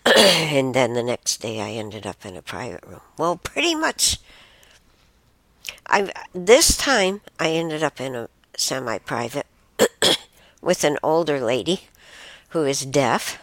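A woman's voice: rumbling low, sing-song, slow, long pauses, a bit bright, dry recording. A woman hosting a show, casually telling a personal story in a rambling way, often restarting and correcting herself. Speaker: show host.

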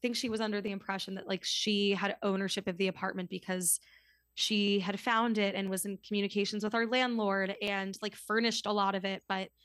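A woman in her twenties telling a story as a podcast guest, in a casual, chatty way full of "like" and quick asides. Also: mid-range voice, no echo, studio quality. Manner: chatty, lots of "like", animated retelling.

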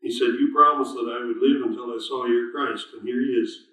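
A man of middling pitch leads a relaxed Bible study, talking through scripture in an easy, conversational way. He keeps stopping to quiz his listeners and gives the verses heavy stress as he reads them. His voice comes from some distance off the mic and rings through a very reverberant room. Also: brisk. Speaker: Bible teacher. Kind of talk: informal Bible study sermon. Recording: very echoey room, voice far from mic.

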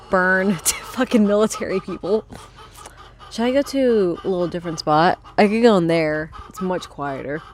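A young woman vlogging casually by her chicken coop, rambling and swearing as she hushes her hens. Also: lowish voice, moderate pace, slight background noise. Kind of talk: casual chat while reading aloud. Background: faint chicken clucking.

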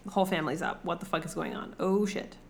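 A woman's voice: fairly low pitch, fast. Irreverent young woman retelling a story. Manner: irreverent, swearing, deadpan asides. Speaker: podcast host.

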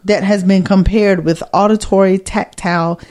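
A woman's voice: medium pitch, fairly even intonation, moderate pace, a little mellow. A woman co-hosting a podcast in casual chat, throwing dry, teasing quips. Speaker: podcast co-host.

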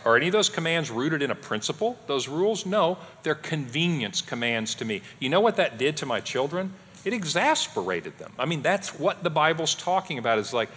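Middle-aged guy teaching a parenting class at church, husky, lively up and down voice, lots of hall echo. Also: a little high, brisk. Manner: animated, acts out quotes of his kids and wife. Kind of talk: conversational teaching talk. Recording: long hall reverb.

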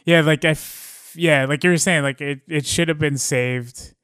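Smooth-voiced man chatting casually. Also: on the high side, moderate pace, dry recording, studio quality. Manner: relaxed, lots of "like" and restarts. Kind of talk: casual podcast chat.

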